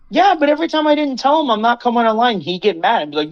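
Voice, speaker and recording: A man's voice: extremely high pitch, lively intonation, quick pace, lo-fi sound. A young man podcast host telling a rambling story about a controlling friend. He swears a lot and mimics the people he quotes. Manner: rambling, swearing, quoting others in a mocking voice. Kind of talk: casual venting story.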